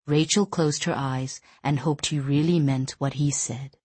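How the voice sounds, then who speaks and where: Woman reading an audiobook, low voice, steady and even, dry close sound. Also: husky, no echo. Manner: measured, even storytelling. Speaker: audiobook narrator. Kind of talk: scripted narration.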